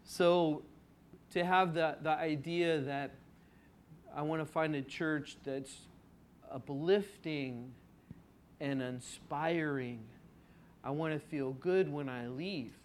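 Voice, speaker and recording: Slow, deliberate male pastor preaching. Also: on the high side, slight background noise. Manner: conversational, with rhetorical questions to the congregation; drawn-out emphasis on key words. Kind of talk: expository sermon.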